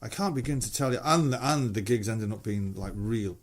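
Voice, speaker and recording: A man's voice: fairly low pitch, normal speed. A middle-aged man with a Mancunian English accent, a musician guest telling anecdotes in casual chat, swearing freely and acting out quoted voices.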